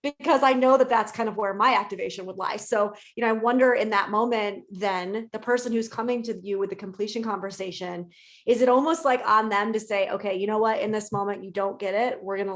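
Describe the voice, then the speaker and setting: A woman co-hosting a podcast who talks candidly with clients in mind, swearing, laughing and getting animated when she makes a point. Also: mid-range voice, quick pace. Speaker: podcast co-host and therapist. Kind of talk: casual podcast chat.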